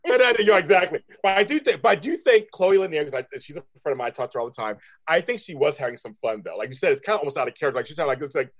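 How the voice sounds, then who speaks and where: A man co-hosting a soap recap show in casual, gushing chat. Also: fairly high pitch. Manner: animated, quick, gushing.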